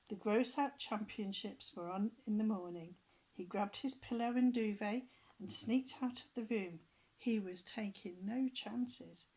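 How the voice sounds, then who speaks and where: A woman's voice: medium pitch, a little mellow, slightly rough, rough recording. A woman reading a children's book aloud to a child, with playful asides and stretches of whispering.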